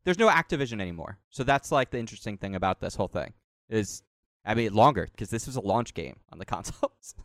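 A man's voice: on the low side, lively intonation, fast talker, no room sound, clean studio sound. A man in his thirties chatting casually about a video game, rambling with many fillers. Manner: rambling, lots of fillers and laughs. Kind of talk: casual chat.

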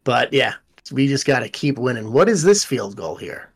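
A man's voice: mid-range voice, big pitch swings, normal speed, slightly rough. A man co-hosting a podcast, chatting casually about football, blunt and swearing. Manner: blunt, swears, jokes about his team. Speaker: podcast co-host. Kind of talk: casual sports chat.

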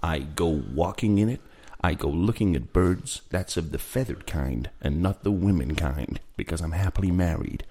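A man's voice: sits low, expressive, moderate pace, few pauses, mellow, voice pushed down. A man doing a comic impression of a cheesy male celebrity describing his favourite park, in a self-satisfied, mock-earnest way. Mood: smug. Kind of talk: comic impression on a fan podcast.

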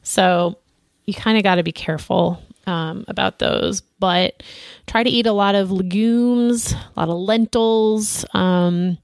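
A woman co-hosting a casual chat show, relaxed and chatty, with lots of ums and easy laughter. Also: mid-range voice, measured pace, smooth, dry recording, studio quality. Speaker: podcast co-host.

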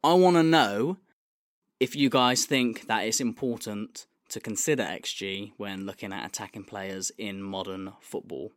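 A man's voice: lowish voice, unhurried, no echo, clean studio sound. A man hosting a podcast in casual, jokey banter, blunt and full of swearing. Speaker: podcast host. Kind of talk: casual chat.

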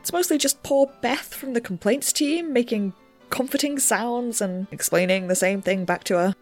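A woman's voice: fairly high pitch, normal speed, faint music behind, close to an everyday voice. A woman playing a rambling young researcher. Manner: rambling and self-deprecating. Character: nervous, rule-bending young woman researcher. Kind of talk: audio drama narration.

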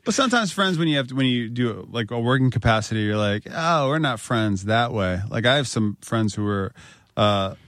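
A man's voice: mid-range voice, a little fast, no echo, clean studio sound. A man telling jokey stories in casual podcast chat. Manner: animated storyteller, jokey.

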